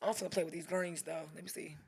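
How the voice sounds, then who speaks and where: A woman photographer commenting live while editing photos, talking to herself, swearing freely, and swinging from loud outbursts to hushed murmurs. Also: on the low side, fairly even intonation, fast talker, vocal fry, slightly rough. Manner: profane, talks to herself. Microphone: streaming setup mic.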